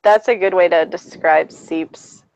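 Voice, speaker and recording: A woman's voice: lowish voice, unhurried, a little mellow, dull audio. A woman from Long Island with a Long Island accent, chatting and laughing on a casual podcast. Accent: Long Island New York. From Long Island, New York. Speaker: podcast co-host. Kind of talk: casual banter.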